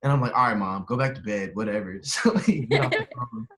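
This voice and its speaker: A man's voice: lowish voice, brisk, noisy background. A young man, a podcast guest, telling a story in casual chat and animatedly acting out the voices of the people he quotes. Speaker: podcast guest, professional baseball player.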